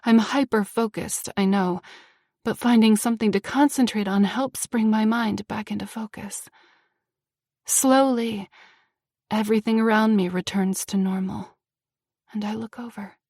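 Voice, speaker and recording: A young woman reading first-person audiobook narration with feeling, moving between tense passages and hushed ones. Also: medium pitch, steady tone, unhurried, no echo, clean studio sound.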